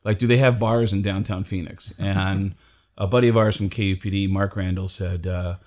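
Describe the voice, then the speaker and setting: A middle-aged man casually telling a comedy story, acting out the people he quotes with big jumps in pitch. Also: fairly even intonation, normal speed, darkish tone. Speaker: comedian guest.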